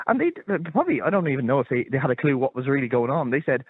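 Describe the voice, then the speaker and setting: An Irish man joining a panel discussion, making his points in a reasoned way with some hesitant pauses. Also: mid-range voice, sing-song, breathy edge, no room sound. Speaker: panel guest. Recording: phone-line call-in audio.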